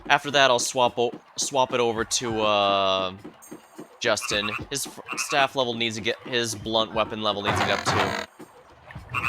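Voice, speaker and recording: A man's voice: on the low side, moderate pace, very noisy. A man streaming a role-playing game, thinking aloud and musing over his choices.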